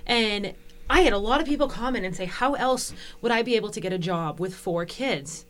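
A woman's voice: mid-range voice, animated, fairly quick, fairly bright tone. A young woman chatting casually, blunt and profane, ranting and acting out other people's lines. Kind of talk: casual chat.

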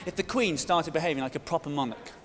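Man, stand-up comedian, mock-indignant and quick, high lively voice, loud crowd noise in a reverberant hall. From Britain. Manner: quick, animated, mock-indignant, bursts into shouted impressions. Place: large theatre stage before a live audience. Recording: roomy, echoing hall with loud audience noise.

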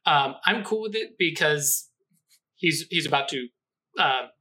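A man's voice: fairly high pitch, animated, a little slow, sharp tone. A man running a tabletop game as game master, explaining rules with many fillers and restarts.

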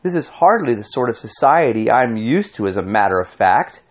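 A man's voice: mid-range voice, very animated, normal speed. A man reading an audiobook voices a short, scowling man who speaks prim and disdainful.

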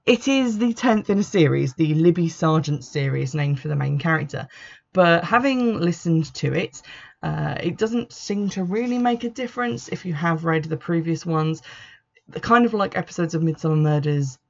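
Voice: medium pitch, expressive, moderate pace, gravelly, dull audio. A host giving a chatty, rambling book review with a wry, offhand manner.

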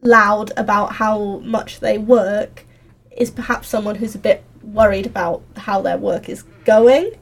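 A woman doing a PhD in history, talking thoughtfully in a casual group chat and laughing easily. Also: medium pitch.

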